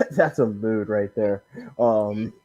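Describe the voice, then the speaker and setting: A man's voice: fairly low pitch, slow, warm tone, muffled recording. A man co-hosting a casual live-stream chat in a laid-back way, with lots of hesitant fillers.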